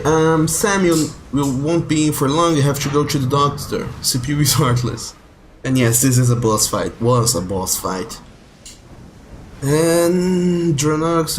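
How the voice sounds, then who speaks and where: A man streaming a video game live, swearing at the game and chatting with viewers in an excitable way. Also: on the high side, a little hiss or hum. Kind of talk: live gameplay commentary.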